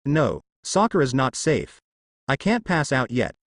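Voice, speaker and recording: A man's voice: mid-range voice, very animated, unhurried, no echo, clean studio sound. A man doing a wounded young fighter on his last legs. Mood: strained.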